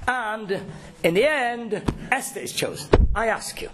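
A man's voice: sits high, lively intonation, a little slow, very noisy. A man giving an informal religious talk, emphatic and storytelling, often repeating words as he restarts.

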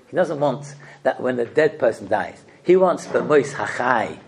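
A man giving a religious sermon, asking rhetorical questions and telling stories with expressive delivery. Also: on the high side, normal speed, gravelly. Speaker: rabbi giving a talk.

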